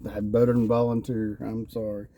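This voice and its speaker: A man talks casually through a wrestling review. His voice is very dark and mellow, and he retells scenes with lively, animated quotes. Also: lowish voice, moderate pace, a little hiss or hum. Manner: animated storyteller, acts out quotes. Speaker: podcast co-host reviewing wrestling. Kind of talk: casual chat.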